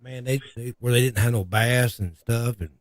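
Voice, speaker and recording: A man's voice: medium pitch, normal speed, no room sound. Man drawling in casual chat. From Tennessee. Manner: drawling, repeats "man", loose grammar. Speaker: guest, emergency responder.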